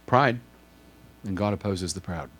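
A pastor with a low, fairly bright, slightly rough voice preaches at a measured pace to his congregation. Earnest in tone, he explains with a drawn board and asks listeners direct questions, checking that they follow.

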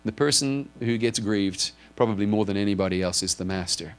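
With a lowish, clean voice and a slightly fast pace, a pastor delivers a sermon to his congregation. He earnestly explains points on a drawn board and asks listeners directly whether they're following.

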